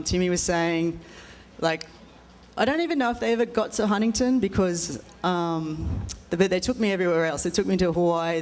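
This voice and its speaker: A woman gives an acceptance speech. She is moved and hesitant, scattering ums and little laughs as she thanks the people who supported her. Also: lowish voice. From Australia. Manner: emotional, hesitant, with many ums and small laughs. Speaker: honoree giving an acceptance speech. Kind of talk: informal ceremony speech.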